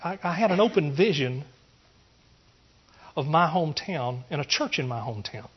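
A pastor from East Texas giving an earnest testimony sermon, rambling through restarts and rising into emphatic preaching. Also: male voice, fairly high pitch, lively intonation, normal speed, slightly rough, dull audio.

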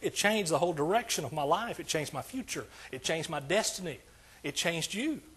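Husky-voiced older male pastor preaching. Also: on the high side, animated, brisk, a bit bright. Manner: emphatic, repetitive preaching cadence. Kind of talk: sermon.

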